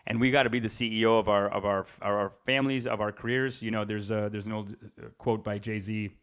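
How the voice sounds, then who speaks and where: A young adult man doing a rambling comedic monologue as a podcast host, jumping into quick character voices. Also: mid-range voice, fairly bright tone.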